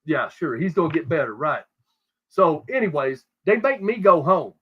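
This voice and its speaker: A middle-aged man from South Texas with a Texan accent tells a rambling, profane story full of restarts in casual podcast talk. His voice is on the high side and sing-song at a moderate pace, and the audio is dull and lo-fi with slight background noise.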